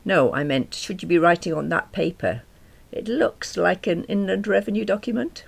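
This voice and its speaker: A man's voice: moderate pace, creaky, heavily acted. A woman reading aloud voices a confident, charming man with a rich voice, polite and lightly teasing. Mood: courteous. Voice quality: rich, deep.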